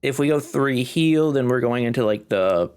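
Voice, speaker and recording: A man's voice: medium pitch, expressive, normal speed, darkish tone, clear, resonant tone, soft background music. A congested man casually commenting on his game as he plays, thinking aloud and chuckling. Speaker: gaming video host.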